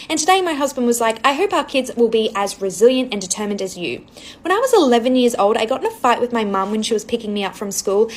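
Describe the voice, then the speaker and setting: A young woman with a slightly high voice, telling a casual storytime. Her delivery stays dry and self-mocking, with an even, matter-of-fact pace.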